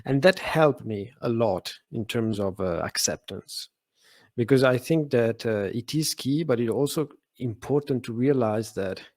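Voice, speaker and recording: His voice is medium in pitch and darkish, delivered at a measured pace with no echo and a dry sound overall. He is an Italian-accented man from Italy who stutters, often repeating words and using fillers, while speaking as a podcast guest in a conversational interview.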